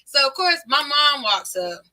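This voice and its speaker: A woman's voice: sits high, very animated, normal speed, pushed and bright. A middle-aged woman, a podcast guest animatedly telling family stories and laughing often. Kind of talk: casual family storytelling.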